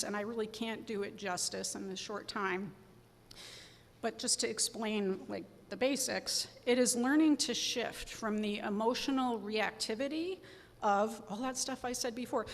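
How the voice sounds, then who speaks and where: A woman's voice: on the high side, normal speed. A woman giving a sermon as guest preacher, telling a personal story in an earnest, reflective way. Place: church sanctuary. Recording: long reverb of a church sanctuary.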